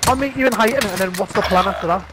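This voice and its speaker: A man's voice: high-pitched, very fast, background noise. A young man in a gaming voice chat, cheekily teasing his friends with crude jokes. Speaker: gamer in voice chat. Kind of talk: casual gaming banter. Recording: loud game gunfire over voice chat.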